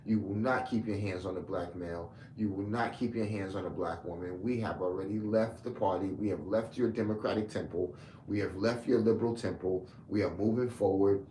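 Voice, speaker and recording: A man's voice: low voice, brisk, warm tone, slight background noise. Heated New man, echoey room. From Brooklyn, New York. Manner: confrontational, heated, repetitive. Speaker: online commentator. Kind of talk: combative rant responding to comments. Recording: echoey room with faint ambience.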